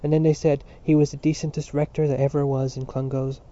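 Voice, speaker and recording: A man reading a novel aloud as narrator in a measured storytelling manner. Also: a little high, level tone, dark tone. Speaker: audiobook narrator. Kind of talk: scripted narration. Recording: dull lo-fi recording.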